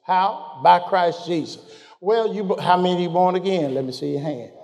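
A man preaching a sermon, questioning his congregation and drawing out scripture slowly before rising in pitch as he builds. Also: a little mellow, big-room sound. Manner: call-and-response, questioning the congregation.

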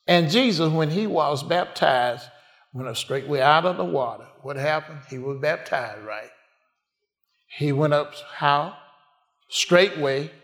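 A man's voice: on the high side, fairly bright tone. A man preaching a sermon in a call-and-response way, asking the congregation questions and answering them.

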